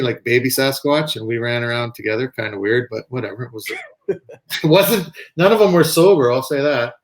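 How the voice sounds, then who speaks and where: Chatty man telling softball stories. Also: medium pitch. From Canada. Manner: animated, acts out quoted voices. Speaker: guest, softball pitcher. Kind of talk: casual storytelling interview.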